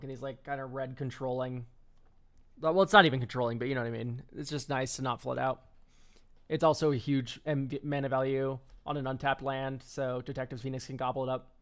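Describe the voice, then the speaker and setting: Gravelly-voiced streamer guy, rambling. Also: mid-range voice, fairly even intonation, a little fast. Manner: rambling and offhand, swears and laughs easily. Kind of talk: casual card-game deck review.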